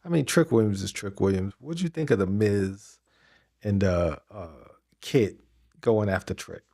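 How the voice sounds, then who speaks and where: This podcast co-host has a lowish, dark-toned voice and talks at a normal speed. His casual wrestling chat rambles along, full of fillers and restarts.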